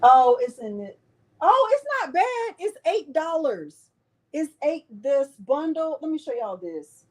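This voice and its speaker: A woman's voice: sits high, expressive, measured pace, darkish tone. A woman hosting a live crafting stream, chatting with her viewers in a playful, self-mocking way. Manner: chatty, talks straight to viewers. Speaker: crafting channel host.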